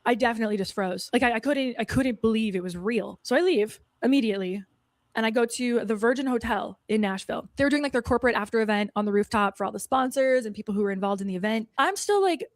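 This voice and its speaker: A woman's voice: fairly high pitch, fast, no room sound, clean studio sound. Snarky woman telling a personal story. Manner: frequent "like" fillers, snarky edge. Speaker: storyteller recounting an incident. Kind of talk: confessional video monologue.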